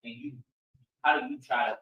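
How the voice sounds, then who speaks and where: A man in the audience asking the teacher a question, hesitant and halting as he searches for words. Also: medium pitch, fairly even intonation, dull audio.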